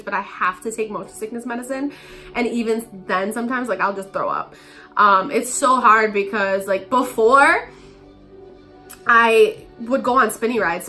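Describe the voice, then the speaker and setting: A young woman telling a story to camera in a chatty, animated way, peppering her talk with "like". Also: mid-range voice. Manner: chatty, animated, heavy filler "like". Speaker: vlogger. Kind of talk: casual storytime monologue. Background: faint background music.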